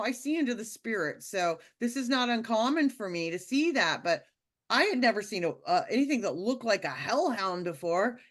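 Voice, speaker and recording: Animated woman telling a story. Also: fairly high pitch. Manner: animated, with many fillers and restarts. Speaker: speaker sharing a personal testimony. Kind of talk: casual spoken storytelling.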